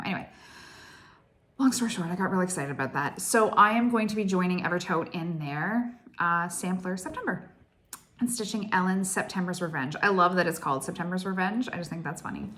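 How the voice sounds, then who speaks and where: An excitable woman in her forties, chatting to her viewers in a casual craft vlog. She gushes and rambles, stacking "like" into every sentence as she tells her story. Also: lowish voice, slight background noise. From Canada. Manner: excitable, gushing, heavy use of "like". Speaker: cross stitch vlogger.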